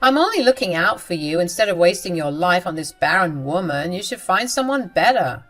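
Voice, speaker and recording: A woman's voice: fairly low pitch, very animated, a little fast, a bit bright, soft background music, poor audio. A woman putting on a smug, cruel sister-in-law. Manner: condescending, self-righteous.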